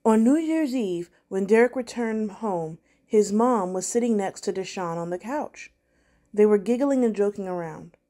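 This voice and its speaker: Woman reading a christmas story for church, steady and calm. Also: medium pitch. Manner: calm, measured narration.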